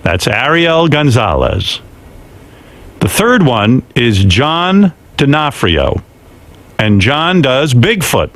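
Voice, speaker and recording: A man's voice: medium pitch, sing-song, slow, fairly bright tone. A male radio host with a mid-range voice that swings up and down a lot as he talks. His banter is loose and wry, and the delivery is casual.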